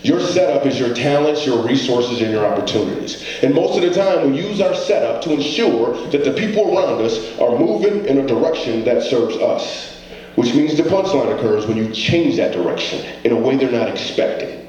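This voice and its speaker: Speaking in a medium-pitched, expressive, darkish voice at a moderate pace, a male comedian gives a sincere motivational talk to a live audience, mixing stories with rhetorical questions. The hall is very echoey, and faint background noise can be heard.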